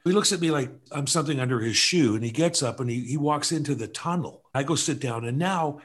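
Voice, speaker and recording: A man in his seventies, telling lively anecdotes in a casual chat, acting out the other people in them. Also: fairly high pitch, quick pace, few pauses. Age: 70s. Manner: animated anecdote teller, acts out voices. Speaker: guest artist.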